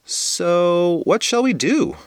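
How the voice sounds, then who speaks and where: A man's voice: sits high, lively intonation, slow, no room sound, clean studio sound, pitched above the performer's own voice, heavily acted. A man voicing an earnest, literal young schoolgirl who asks anxious, eager questions in a raised voice. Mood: puzzled.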